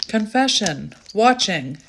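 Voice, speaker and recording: A woman giving a channelled tarot reading in a chatty way, often breaking into excited exclamations. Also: medium pitch, takes it slowly, background noise. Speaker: tarot reader.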